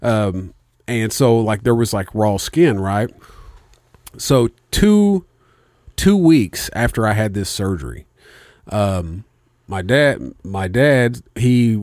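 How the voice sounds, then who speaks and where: A man's voice: fairly low pitch, slow pace, no room sound. Profane rambling man with a dry close sound. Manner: profane, rambling, animated storyteller. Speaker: podcast co-host. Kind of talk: casual storytelling chat.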